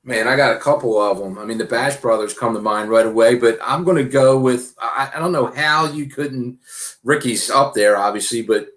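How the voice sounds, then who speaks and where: A man's voice: mid-range voice, moderate pace, a bit bright. A man co-hosting a casual sports podcast, rambling and repeating words as he thinks. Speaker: podcast co-host. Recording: roomy echoey mic.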